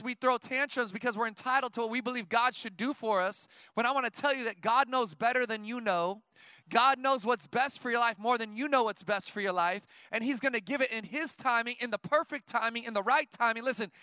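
A man's voice: very high voice, smooth, no room sound. A man in his thirties, a pastor preaching a sermon to his church, mixing fervent calls with chatty, filler-laden stories. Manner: preaches with rising intensity, then tells stories in a relaxed aside; conversational, with many fillers like "like" and "you know". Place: church service before a congregation.

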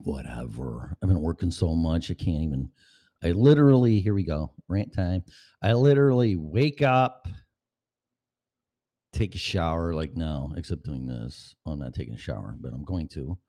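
A middle-aged podcast host rants at home in a rambling, profane way, using a studio mic and headphones in his apartment. His voice is rumbling low and warm, with lively intonation and a moderate pace, all in a casual monologue.

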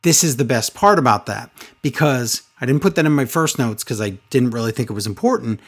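A man in casual chat, retelling events with lively, acted-out quotes. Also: mid-range voice. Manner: animated storytelling, quick acted-out quotes. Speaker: podcast co-host recapping wrestling.

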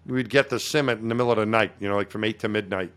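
A man's voice: on the low side, fairly even intonation, very fast, a bit bright. Rambling middle-aged man telling stories. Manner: rambling storyteller with many restarts. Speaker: podcast co-host. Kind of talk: casual chat.

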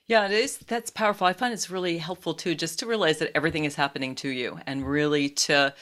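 A woman in her fifties hosts an interview podcast, asking questions in an encouraging, reflective way. Her voice is very low for a woman. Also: fairly even intonation, fast, fairly bright tone. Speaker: podcast host.

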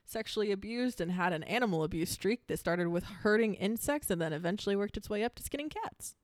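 A woman's voice: mid-range voice, animated, fairly quick, no room sound, studio quality. A young woman co-hosting a casual true-crime podcast, giggly and rambling, swearing freely. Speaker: podcast co-host.

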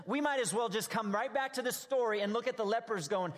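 A man's voice: very high voice, fairly quick, few pauses. A man preaching a sermon, earnest and emphatic, reading scripture with dramatic emphasis. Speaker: pastor. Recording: hall reverb.

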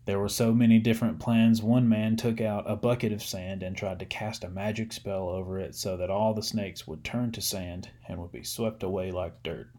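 A man reading a story aloud, measured and gently expressive. His voice sits low, and he moves through the story at an unhurried storyteller's pace.

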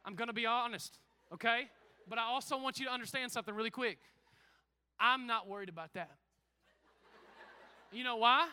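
A man pastor preaching an energetic sermon, calling out to the congregation, a little out of breath. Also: extremely high pitch, brisk, long pauses, smooth. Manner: emphatic preaching with call-outs to the congregation.

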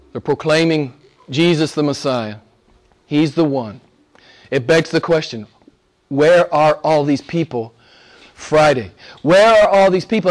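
Middle-aged pastor guy preaching, pretty high voice, goes loud then drops way quiet. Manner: wide swings from loud emphatic preaching to soft low asides. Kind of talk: sermon.

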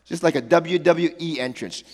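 A male pastor preaching a sermon, telling the story in a lively, playful way with slangy asides. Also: a little high, moderate pace, long reverb tail.

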